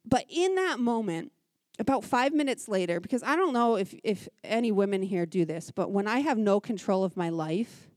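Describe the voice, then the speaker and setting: A woman in her thirties giving a personal testimony at a church women's gathering, telling her story in an animated, conversational way with quick asides and an earnest, heartfelt tone. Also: mid-range voice, dry recording, clean studio sound.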